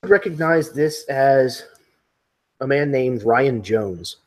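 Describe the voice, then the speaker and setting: A man running a tabletop zombie game as game master, narrating slowly and hesitantly. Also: medium pitch, expressive, a little mellow. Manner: slow, descriptive, hesitant.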